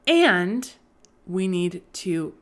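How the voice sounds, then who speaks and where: Earnest young mom podcaster, rambling. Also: female voice, on the low side, big pitch swings, very slow, a bit bright. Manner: earnest, rambling, self-correcting, frequent "like". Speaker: podcast host. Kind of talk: casual faith-based podcast monologue.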